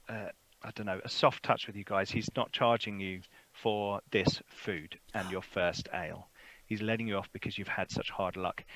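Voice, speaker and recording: Bright-voiced man running a tabletop game. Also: fairly low pitch, no echo. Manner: relaxed, rambling, many fillers. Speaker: game master.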